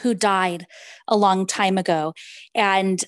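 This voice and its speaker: A woman's voice: medium pitch, steady tone, slow pace, no room sound. A woman co-hosting a book podcast, chatting casually, recapping the plot and reading passages from a novel aloud. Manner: apologizes for her Spanish pronunciation. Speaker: podcast co-host.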